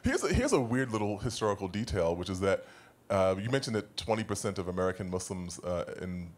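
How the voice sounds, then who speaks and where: A man speaking as a panelist in a live discussion, explaining points in a measured, scholarly way. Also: low-pitched, very animated.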